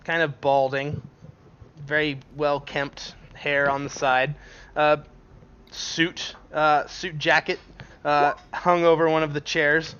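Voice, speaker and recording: Profane laughing game master, lo-fi mic. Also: male voice, fairly high pitch, little pitch movement, slow pace, a bit bright, clean tone. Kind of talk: narrating a tabletop game. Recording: dull lo-fi mic.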